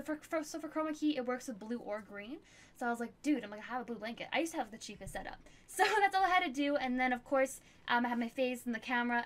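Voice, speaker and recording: A young woman streamer chatting casually while answering viewer questions, full of fillers and laughter. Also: sits high. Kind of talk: casual chat.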